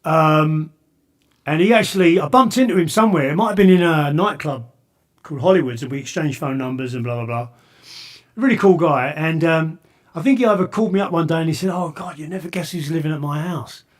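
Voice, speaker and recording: A man hosting a podcast, spinning a long anecdote in a loose, rambling way. His voice sits fairly high for a man, and he talks with lively animation, stumbling over restarts and dropping the odd swear word. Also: a little fast. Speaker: podcast host. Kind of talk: casual storytelling chat.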